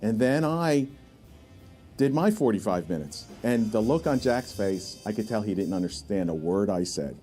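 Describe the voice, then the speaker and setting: A man's voice: on the low side, moderate pace, faint music behind. A man telling admiring anecdotes about a mentor in a documentary interview. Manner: animated anecdote-teller, admiring. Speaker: artist recalling a mentor.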